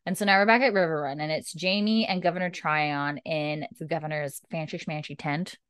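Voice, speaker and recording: Woman with a lowish voice chatting and recapping scenes, putting on voices for quotes, pretty dry sound. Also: fairly even intonation, fairly bright tone, clear, resonant tone, dry recording. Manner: acts out characters' lines in quick voices. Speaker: podcast host recapping an episode. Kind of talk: casual chat, recapping with quoted lines.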